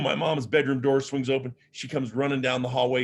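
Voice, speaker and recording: A man's voice: mid-range voice, level tone, fairly quick, slight background noise. A man from Las Vegas giving a motivational keynote talk as an author and speaker. He tells personal stories in a humorous, conversational, self-deprecating way. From Las Vegas, Nevada, USA.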